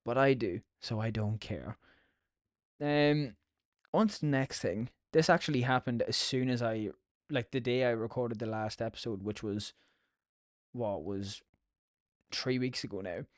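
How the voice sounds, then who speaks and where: A man's voice: medium pitch, a little slow, pauses often, no echo, studio quality. Sweary Irish man rambling casually. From Ireland. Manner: sweary, chatty storytelling. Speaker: podcast host.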